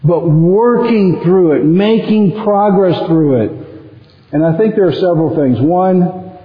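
A male pastor preaching a sermon in an animated way, acting out quoted prayers as he goes. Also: a little slow, reverberant, in a large hall, narrow, tinny audio. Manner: animated, acts out quoted prayers with sudden rises in pitch.

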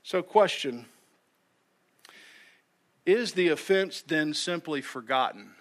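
A man's voice: a little high, lively intonation, slow. A male pastor preaching a sermon in an earnest way, often repeating words as he starts a sentence. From United States.

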